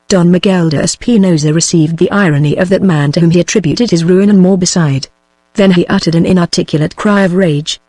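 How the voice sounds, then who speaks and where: A text-to-speech woman's voice with a British English accent, reading an adventure novel aloud in steady, even audiobook narration. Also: fairly low pitch, dry recording.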